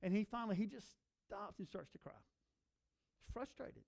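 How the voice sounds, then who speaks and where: A man preaching a sermon with earnest conviction, stacking up emphatic repeated phrases. His voice sits a bit high, with a warm, mellow tone. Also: fast talker, creaky. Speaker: pastor.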